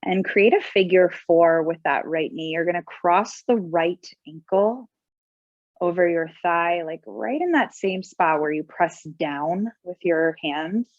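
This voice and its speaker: Calm, slow-speaking woman yoga instructor. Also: lowish voice, no room sound, highs cut off. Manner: calm, slow, soothing cues. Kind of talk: guided yoga class instruction.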